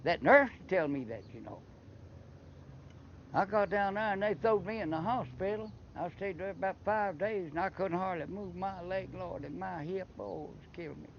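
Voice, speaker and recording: An older Appalachian man from Eastern Kentucky speaks at normal speed in a high-pitched voice. In casual storytelling as an interviewee, he rambles at length and often restarts his words, with slightly muffled sound and faint noise in the background.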